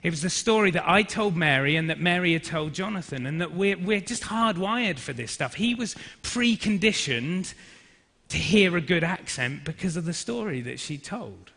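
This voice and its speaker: A young man speaking at a business forum, telling a personal story in a lively anecdotal way and acting out what people said. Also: high voice, normal speed. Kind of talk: storytelling talk to an audience. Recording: reverberant hall.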